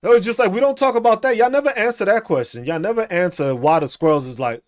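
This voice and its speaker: A man's voice: high-pitched, fast, few pauses. A man hosting a podcast, mocking and profane, ranting at commenters and laughing between taunts. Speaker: podcast host.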